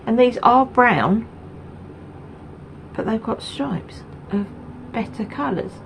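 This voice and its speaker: A woman's voice: a little high, animated, slow, creaky, background noise. A woman from Essex, hosting a knitting video podcast in a rambling, chatty way with many ums and asides. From Essex, England. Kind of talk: casual chat to camera.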